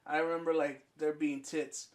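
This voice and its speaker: A young podcast co-host with a slightly high voice, speaking at normal speed, tells a crude story on a casual show. He swears freely and animatedly acts out both sides of a conversation.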